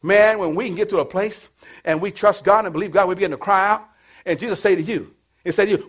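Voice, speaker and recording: A man with a high voice preaches a sermon to his congregation. He drops to a hush, almost a whisper, then rises into loud exclamations, calling out to the people as he goes. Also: lively intonation, fast. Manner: swings from hushed near-whispers to loud exclamations; preaching with call-outs to the congregation. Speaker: pastor.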